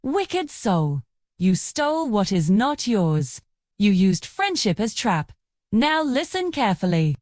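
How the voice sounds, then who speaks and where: A woman's voice: mid-range voice, very animated, slow pace, darkish tone, no room sound. An angry, commanding masquerade spirit from a storybook folktale, put on by a woman. It issues threats in a voice that rises and falls widely. The sound is dry and close. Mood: angry, warning.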